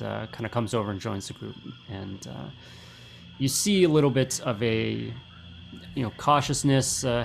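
A man running a tabletop role-playing game, describing scenes in a gravelly voice with many fillers. His speech is loose and unhurried. A faint hum sits behind him. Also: medium pitch. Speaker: game master.

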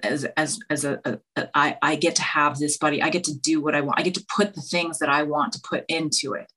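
A woman talking earnestly as a guest, halting and searching for words with many restarts. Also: deep voice, fairly even intonation, pushed and bright, breathy edge. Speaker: podcast guest. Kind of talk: earnest conversation.

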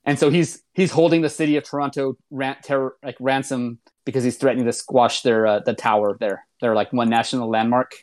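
A man's voice: medium pitch, fairly even intonation, brisk, hardly any pauses, darkish tone. A man in casual conversation, retelling at length in a loose, rambling way with lots of filler words. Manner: rambling retelling, many "um"s and "like"s, restarts. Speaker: podcast co-host reviewing a comedy show. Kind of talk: casual chat.

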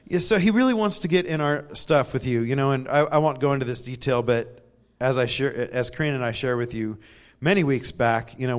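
A man's voice: mid-range voice, clean tone. A man giving a conversational sermon in a church, telling stories with self-deprecating humor and laughs. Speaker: preacher.

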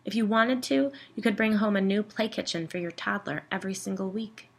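A woman's voice: medium pitch, fairly quick, vocal fry. A woman narrating a first-person story in a wry, conversational way.

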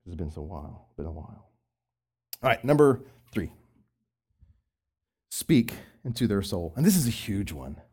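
A middle-aged man, a former youth pastor, giving Christian marriage advice in an expressive way, swinging between loud emphasis and soft asides. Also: deep voice, normal speed, long pauses, breathy edge.

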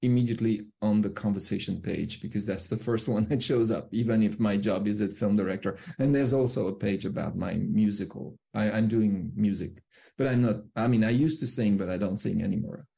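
A man's voice: fairly low pitch, brisk, gravelly, a little mellow, husky. A man with a French accent, a guest in a casual interview, who talks hesitantly, repeating words and laughing easily. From France. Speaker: guest, film director.

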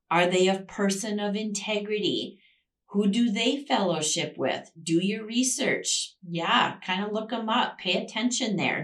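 Woman host, devotional teacher: low, unhurried, emphatic, repeats herself, mic set back. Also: recorded from a distance. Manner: emphatic, repeats key phrases for stress. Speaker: Christian devotional podcast host.

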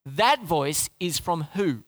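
A male pastor delivers a sermon with a high, lively voice that leaps around in pitch. He is emphatic and keeps firing rhetorical questions at the congregation, and the sound is close and dry. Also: slow, dry recording.

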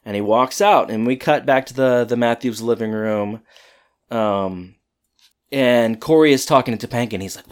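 A man's voice: medium pitch, normal speed. A man in casual conversation, retelling a TV episode scene by scene and acting out the characters' lines. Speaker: podcast co-host recapping a TV episode. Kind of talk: casual chat.

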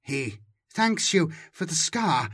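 A man's voice: on the high side, very animated, slow, fairly bright tone, breathy edge, dry recording, clean studio sound, full character voice. A man voicing a querulous male alien magister in an audiobook. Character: older male alien magister, fretful and wary.

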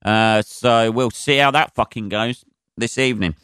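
Profane comedian with a dry sound. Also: male voice, mid-range voice, normal speed, fairly bright tone, clean tone, dry recording. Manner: profane and rambling. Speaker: comedian and podcast host. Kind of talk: solo podcast rant.

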